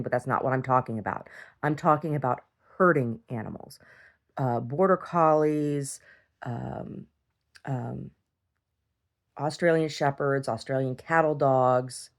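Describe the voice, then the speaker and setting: A middle-aged woman talking casually in a video diary, blunt and swearing freely as she rambles from one complaint to the next. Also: low voice. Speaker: video diarist.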